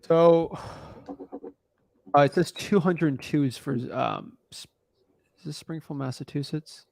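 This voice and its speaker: A man's voice: a little high, a little slow, gravelly, darkish tone, no echo. A man coaching a newcomer on real estate wholesaling in a casual, blunt, slangy way.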